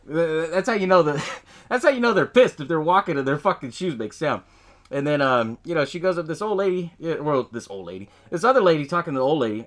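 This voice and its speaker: A young man hosting a podcast, casually recapping a film, swearing often, laughing and quoting characters' lines. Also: on the high side. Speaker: podcast host.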